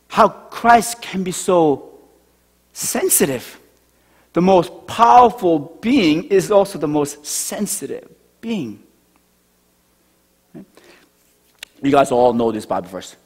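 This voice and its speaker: Husky-voiced man preaching in a hall. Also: fairly high pitch. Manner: conversational preaching, drops to a hush on key lines. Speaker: pastor. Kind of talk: sermon. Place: church sanctuary. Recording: church hall reverb.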